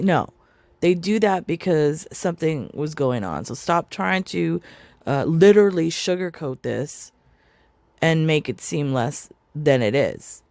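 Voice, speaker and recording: Sarcastic, swearing woman with a low voice. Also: lively intonation, measured pace, creaky, a little mellow, no echo. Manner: sarcastic, mocking, swears often. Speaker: commentator reacting to a video. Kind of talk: profane reaction commentary.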